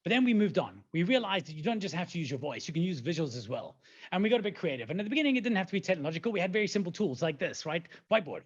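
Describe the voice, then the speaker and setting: A man in his forties giving an energetic webinar talk, animated and playful, with rhetorical questions and sound effects. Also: high voice, racing, slightly rough, muffled recording. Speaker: presenter.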